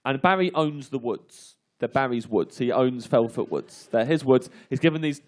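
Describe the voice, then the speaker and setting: A man's voice: medium pitch, normal speed, darkish tone. A male comedian telling a comic anecdote on a radio panel, laughing often and filling gaps with ums. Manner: laughs through the story, with lots of fillers. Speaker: comedian guest.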